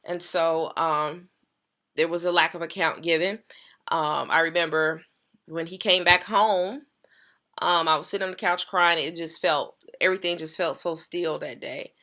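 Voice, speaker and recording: A woman's voice: low voice, fairly even intonation, moderate pace, pushed and bright. A woman pastor sharing a personal story in an earnest, emphatic way, repeating key phrases.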